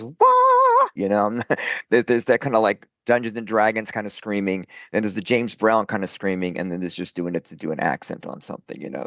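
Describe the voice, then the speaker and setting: A middle-aged man with a low, gravelly voice talks about his singing career in a loose, rambling way, often putting himself down. The sound is dull and lo-fi, with no room echo. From Brooklyn, New York. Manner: rambling, self-deprecating, many fillers. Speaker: rock singer, guest. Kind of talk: casual interview chat.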